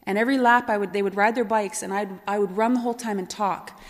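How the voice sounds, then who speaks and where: A woman telling her life story to an audience, lively and often laughing as she acts out quoted voices. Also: medium pitch, fast. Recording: long hall reverb.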